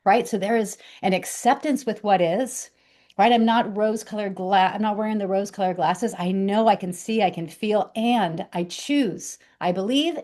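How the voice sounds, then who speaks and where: Soft-spoken reflective woman teacher. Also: medium pitch. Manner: soft, unhurried, reflective, with frequent fillers and restarts. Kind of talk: gentle instructional talk.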